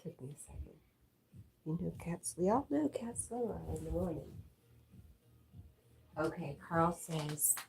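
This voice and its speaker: A woman's voice: on the low side, animated, a little slow, gravelly, long pauses, a little mellow, slight background noise. A woman hosting a casual livestream, reading viewer comments aloud, answering them in a chatty way and talking to her dog in between. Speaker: livestream host.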